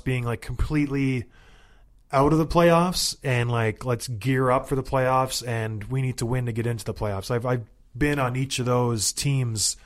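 A man in his thirties, a former hockey player, hosting a podcast in a casual, animated, joking way. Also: medium pitch. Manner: animated, joking, self-mocking hype.

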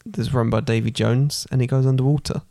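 A man's voice: medium pitch, steady tone, fairly quick, creaky, warm tone, dry recording, clean studio sound. A man co-hosting a casual podcast, chiming in with teasing jokes. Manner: teasing, jokey interjections. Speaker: podcast co-host.

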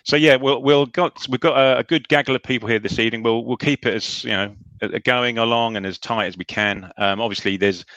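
A man hosts a loose football chat, greeting listeners by name and restarting his sentences as he goes. His voice is bright and forward. The sound is dry and close, with no room around it. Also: medium pitch, steady tone, a little fast, hardly any pauses, no echo, poor audio. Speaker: podcast host.

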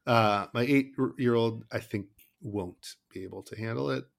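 A man's voice: medium pitch, a little slow, creaky. A man in his thirties co-hosting a casual podcast, talking loosely with many "like"s and restarts about his kids. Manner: rambling, lots of "like" and restarts. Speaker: podcast co-host. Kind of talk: casual chat.

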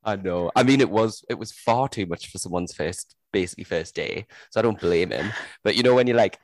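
Young guy, low-ish voice, chatty and laughy, dry close mic. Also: fairly quick, no room sound. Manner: chatty storyteller, laughs often, swears casually. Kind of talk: casual chat.

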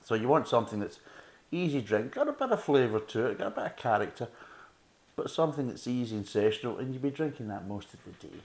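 A man's voice: mid-range voice, big pitch swings, quick pace, darkish tone. A middle-aged man giving a casual, rambling beer review with chatty asides. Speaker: beer reviewer, podcast host. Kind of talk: casual tasting review and chat.

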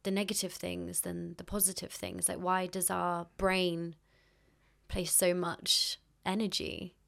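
A woman hosts a podcast interview in a low, slightly gravelly voice. Her delivery stays fairly even in pitch. She speaks thoughtfully and fills in with soft "mm" and "yeah" as she listens. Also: unhurried. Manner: thoughtful, brief affirmations while listening. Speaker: podcast host. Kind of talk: conversational interview.

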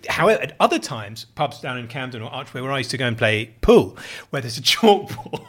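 A man's voice: mid-range voice, very animated, brisk, a bit bright, slight background noise. A middle-aged man with a posh southern English accent, telling rambling anecdotes in casual chat and mimicking other people's voices. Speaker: podcast co-host.

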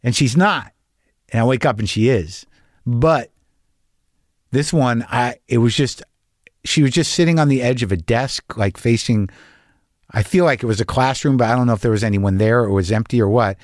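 A man's voice: mid-range voice, normal speed, dry recording, clean studio sound. A middle-aged man hosting a podcast, rambling and profane, with many restarts. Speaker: podcast host. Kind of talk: casual monologue and interview.

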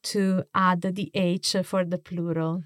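A woman with an Italian accent teaching Italian grammar in a podcast lesson, explaining patiently and slowly with frequent hesitations. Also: fairly low pitch, flat delivery, no room sound, studio quality. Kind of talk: language lesson dialogue.

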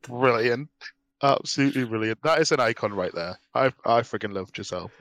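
A man's voice: medium pitch, expressive, fairly quick, a bit bright. A man co-hosting a podcast in casual chat, chatty, teasing and enthusiastic. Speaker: podcast co-host.

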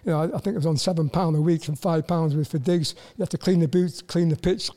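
High-voiced Welsh man in his 60s. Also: steady tone, warm tone. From Wales. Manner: halting, repeats words, self-deprecating. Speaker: guest, former footballer. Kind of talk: casual interview chat.

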